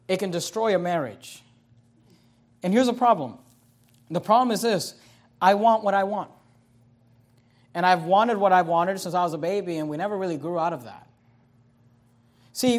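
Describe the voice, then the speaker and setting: A male pastor preaching a sermon with passion, building repeated phrases up to loud, emphatic peaks. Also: high voice. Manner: repetitive preaching cadence.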